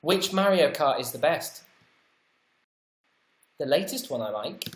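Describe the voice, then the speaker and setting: A British man hosting a casual livestream, reading viewer comments out loud and answering them with chatty, wry, self-deprecating asides. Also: a little high, expressive, a little slow, reverberant. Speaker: livestream host.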